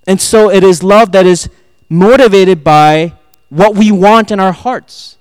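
Man preaching with loud-soft swings. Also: sits high, measured pace, smooth, no room sound, studio quality. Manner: swings from loud emphatic preaching to soft near-whispered asides; quotes and acts out lines, laughs at himself. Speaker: pastor. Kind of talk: sermon.

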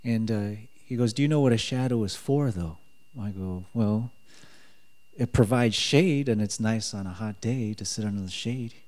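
A man preaching a sermon in a relaxed, conversational way, joking and chuckling as he talks. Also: lowish voice, moderate pace.

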